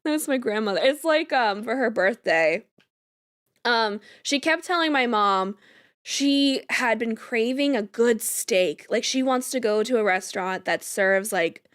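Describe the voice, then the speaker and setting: A woman's voice: a little high, measured pace, clean tone, dry recording, studio quality. A young woman streamer telling a rambling story in casual chat, full of "like" fillers. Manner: rambling, animated, lots of "like" fillers, laughs while telling. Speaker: game streamer.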